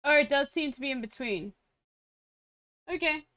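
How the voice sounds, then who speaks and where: A woman's voice: high-pitched, animated, moderate pace, pushed and bright, dry recording. A young woman streaming a game live, talking casually and chattily, swearing and poking fun at herself. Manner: chatty, swears, self-deprecating. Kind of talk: casual gaming commentary.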